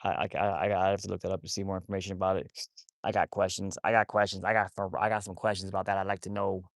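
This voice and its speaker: A man's voice: deep voice, flat delivery, racing, gravelly, dry recording, clean studio sound. A man chatting casually on a phone livestream about his wolfdogs. He rambles, repeats himself and talks to viewers as y'all.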